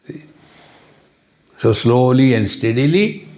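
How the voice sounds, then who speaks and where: A man with an Indian English accent giving a spiritual discourse at a retreat, unhurried, often asking "See?" and chanting Sanskrit verses. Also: medium pitch, expressive, warm tone. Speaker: spiritual teacher. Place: retreat hall.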